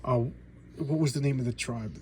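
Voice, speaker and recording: A man casually retelling comic book stories in an animated way, slipping into voices for the characters. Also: medium pitch, moderate pace, a little hiss or hum.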